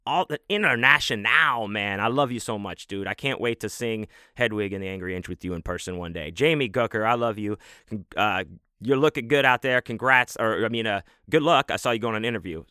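A man hosting a podcast, giving casual, effusive shout-outs to supporters and swearing freely. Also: on the low side, brisk, clear, resonant tone, no room sound, clean studio sound. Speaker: podcast host.

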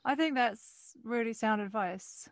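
A woman interviewing a guest, asking questions and backing him up as an unhurried, supportive listener. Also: on the high side. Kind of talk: conversational interview.

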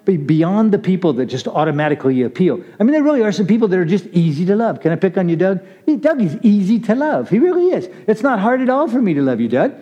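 A man's voice: sits high, very animated, fast, hardly any pauses, dark tone. A man giving a casual, conversational sermon, chatty and laughing as he calls on listeners by name. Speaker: preacher. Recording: muffled lo-fi recording.

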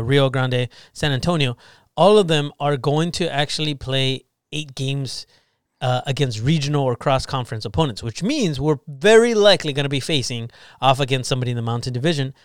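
A man co-hosting a casual podcast, lively and teasing as he explains and jokes. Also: mid-range voice, fairly quick, smooth, no room sound, studio quality. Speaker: podcast co-host. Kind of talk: casual chat.

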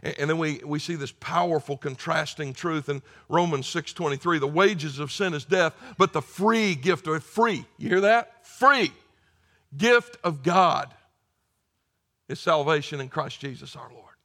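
A middle-aged male pastor preaches with a fairly high, bright voice. He talks to the congregation in an emphatic, conversational way and mixes in dry humor. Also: moderate pace. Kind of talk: sermon.

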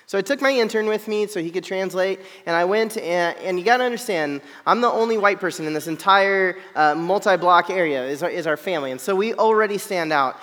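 A high-voiced man tells a humorous personal story to an audience. He is animated and self-deprecating, and he keeps checking in with his listeners. His voice rings out with the long reverb of a large hall. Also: brisk, few pauses.

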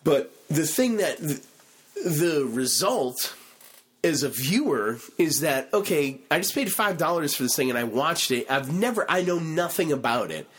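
A male podcast host chats casually and animatedly, sprinkling in profanity and fillers as he retells a show. He often acts out lines in a lower voice. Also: expressive, a little slow, husky. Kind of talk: casual chat.

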